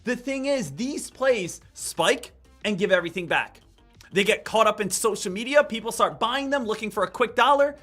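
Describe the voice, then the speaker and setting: A man with a high, bright voice talks through live stock trading commentary. He is energetic and repetitive, and hammers his points home. Faint music plays underneath. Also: normal speed.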